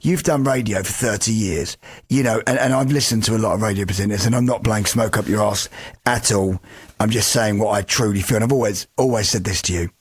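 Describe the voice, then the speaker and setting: A man's voice: on the low side, fairly quick, breathy edge. A man co-hosting a podcast, talking earnestly in casual chat with stumbling restarts and the odd swear word. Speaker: podcast co-host.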